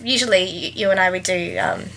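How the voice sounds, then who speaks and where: A woman's voice: on the low side, huge pitch swings, a little fast, pushed and bright. A woman guest-hosting a podcast, reading aloud and joking sarcastically, laughing often. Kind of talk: casual comedic book chat.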